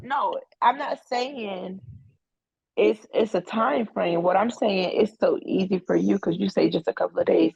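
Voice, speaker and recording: A woman's voice: medium pitch, vocal fry, darkish tone, slightly rough, no echo, lo-fi sound. A woman co-hosting a podcast, hesitant and stumbling over her words in casual chat. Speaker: podcast co-host.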